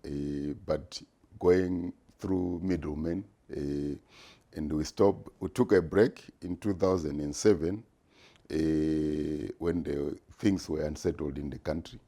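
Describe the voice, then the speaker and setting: Slow, deep-voiced man in his sixties. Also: fairly even intonation, mellow. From Zimbabwe. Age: 60s. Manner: measured and deliberate, frequent "uh" pauses. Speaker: retired business executive, guest. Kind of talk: conversational interview answers.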